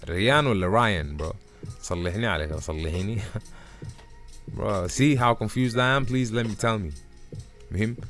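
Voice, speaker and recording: A man's voice: fairly low pitch, brisk, pauses often, faint music behind. A young man hosting a casual livestream chat, slangy and loose, switching languages mid-sentence. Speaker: host.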